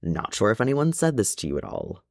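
A man voicing a gruff, burly male dwarf warrior who talks bluntly. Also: on the low side, huge pitch swings, fairly quick, dry recording, studio quality, heavily acted.

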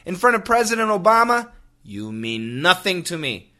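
The middle-aged host of a relaxed English-lesson podcast is playful and jokey, dropping into silly voices to explain terms. His voice is high, expressive, pushed and bright, at a normal speed.

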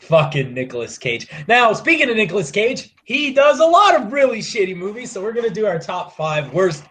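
A young man with a high-pitched voice talks in a casual, profane, animated way. His pitch leaps all over the place as he rants. He is co-hosting a laid-back podcast chat. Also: brisk. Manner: profane, animated movie ranting. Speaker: podcast co-host.

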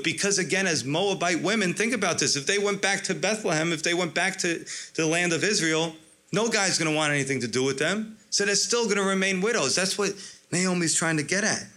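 A man's voice: fairly high pitch, brisk, sharp tone. A man preaching an expository sermon, emphatic, stretching out key words and asking rhetorical questions. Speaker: pastor.

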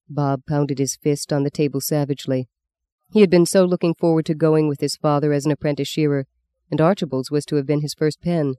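A man reading a novel aloud as an audiobook narrator, in a measured, even storytelling manner on a close microphone. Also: a little high, clean tone, no echo.

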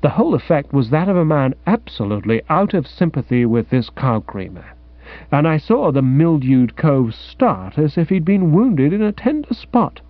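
Guy reading a funny audiobook, kinda high voice, bouncy mock-grand delivery. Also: normal speed, no room sound. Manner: lively, comic, mock-grand storytelling. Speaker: audiobook narrator. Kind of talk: comic audiobook narration. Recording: dry, dull lo-fi recording.

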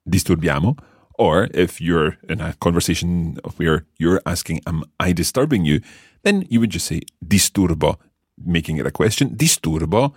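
A man's voice: sits low, moderate pace, a little mellow, breathy edge, dry recording, studio quality. A man teaching a language lesson, patiently explaining step by step and quizzing the learner.

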